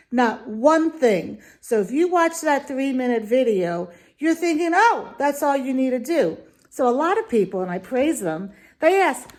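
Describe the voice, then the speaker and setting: A woman rants through a video review, indignant and emphatic. Her voice sits fairly high, and she speaks slowly and deliberately, leaning hard on her points. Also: darkish tone. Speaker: dog food reviewer.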